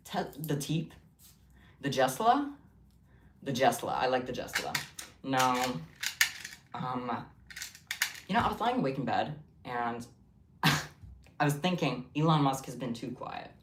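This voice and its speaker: A woman with a very low voice chats casually on a livestream, rambling from one thought to the next with jokey asides. Her voice sounds distant in an echoey room with a faint hiss behind it. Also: big pitch swings, unhurried, long pauses. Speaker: livestream host.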